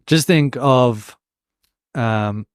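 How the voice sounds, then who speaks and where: A young man from Australia with a mild Australian accent, co-hosting a podcast and telling stories in a casual, animated way. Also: mid-range voice, extremely slow, clear, resonant tone, no room sound, studio quality. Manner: animated storyteller, jumps between tangents. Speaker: podcast co-host. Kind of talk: casual chat.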